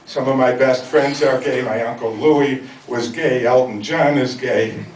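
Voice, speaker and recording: A man's voice: medium pitch, fairly even intonation, a little slow. An older man from the Chicago area doing a stand-up routine in a comedy club, delivering dry, self-mocking punchlines. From Chicago area, USA. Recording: echoey, distant, noisy club recording.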